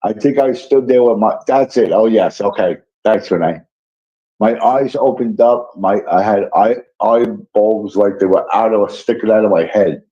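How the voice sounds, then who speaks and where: A man hosting a live stream, telling a rambling, profane story with excitable asides while drowsy and yawning. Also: lowish voice, normal speed, muffled recording. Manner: profane, excitable, tangent-prone. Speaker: livestream host.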